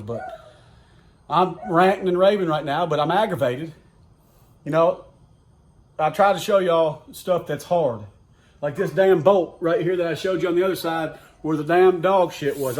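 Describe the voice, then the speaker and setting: A man with a Southern US accent talking casually and profanely as he vlogs a truck repair in his home garage, rambling and exasperated. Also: fairly high pitch. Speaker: DIY truck vlogger. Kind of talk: casual workshop vlog rant.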